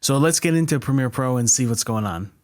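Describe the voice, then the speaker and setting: A man hosting a software tutorial, calmly walking through editing steps with occasional fillers. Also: medium pitch, a little fast, very noisy. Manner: relaxed step-by-step explaining, with fillers. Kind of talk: screen-recorded editing tutorial.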